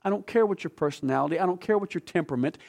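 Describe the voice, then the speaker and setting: A man with a high voice and vocal fry preaches very fast and emphatically. He keeps asking the congregation questions, swinging from quiet stretches to loud bursts.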